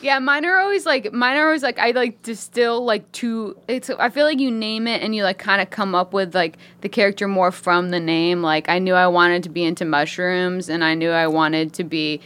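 A woman's voice: mid-range voice, moderate pace, few pauses, fairly bright tone, no echo. A playful woman from upstate New York with a slight Southern twang, laughing often in casual podcast chat. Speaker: podcast guest.

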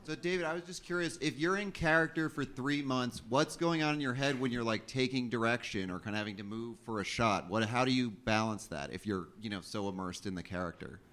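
A man's voice: mid-range voice, fairly quick, hardly any pauses, a bit bright. A man in the audience asking a panel a curious, slightly tentative question.

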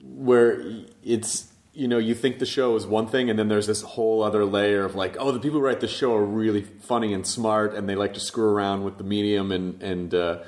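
A man's voice: fairly low pitch, brisk, hardly any pauses. Eager, stammering male podcast host. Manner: enthusiastic, animated, stammering restarts. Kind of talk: casual interview chat.

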